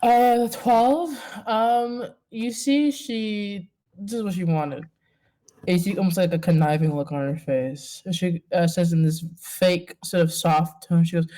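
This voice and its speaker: Woman gm narrating a tabletop scene, slow and halting, mellow low voice. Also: steady tone. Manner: hesitant, lots of pauses and fillers. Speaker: game master.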